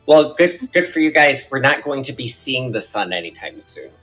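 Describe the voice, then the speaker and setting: A man playing in a tabletop game, wry and low-key, heard over a tinny phone-like line. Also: sing-song, normal speed, faint music behind. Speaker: player. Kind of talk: casual tabletop game chat.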